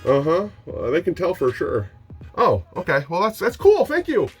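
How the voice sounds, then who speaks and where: A young man talking casually in a home vlog, rambling and self-mocking, getting excitable as he shows off his finds. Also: on the high side, moderate pace, breathy edge, soft background music. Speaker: DVD collector vlogger. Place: home room.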